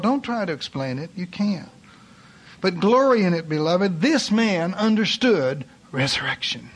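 A man preaching a sermon, telling a story with passion, swinging from loud cries to hushed lines. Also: on the high side.

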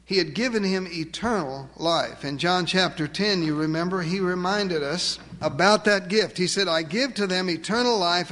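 Emphatic high-voiced preacher in a hall. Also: male voice, fairly bright tone. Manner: emphatic preaching, rhetorical questions, slows for stress. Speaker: pastor. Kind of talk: sermon.

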